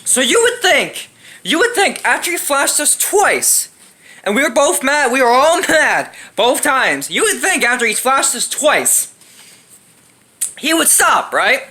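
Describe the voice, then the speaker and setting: A young woman tells a story straight to her camera in a high, bouncy voice that leaps up and down. She rambles and swears freely, tucking "right?" and "you know" into almost every sentence. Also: wildly swooping pitch, takes it slowly, bright, forceful tone. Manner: acts out quoted lines in shifted voices. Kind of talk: casual storytime vlog.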